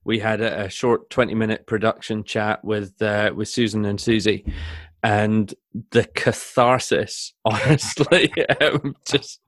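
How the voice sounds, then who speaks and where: A man's voice: lowish voice, fairly even intonation, dry recording, clean studio sound. A man from co-hosting a podcast, chuckling and joking along in a casual chat. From Shetland. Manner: chuckling, warm-humoured, quick to laugh along. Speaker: podcast co-host, mental health nurse.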